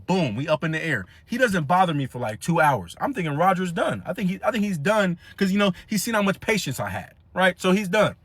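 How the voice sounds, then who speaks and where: Young man, high lively voice, storytelling, dry close sound. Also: fairly quick, few pauses, no echo. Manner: animated, laughs often, acts out other people's lines. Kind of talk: casual storytelling.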